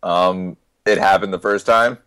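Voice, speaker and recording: A man co-hosting a podcast in casual chat, with a gravelly voice and a wry manner. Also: low-pitched, fairly even intonation, measured pace, a bit bright, no echo. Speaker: podcast co-host.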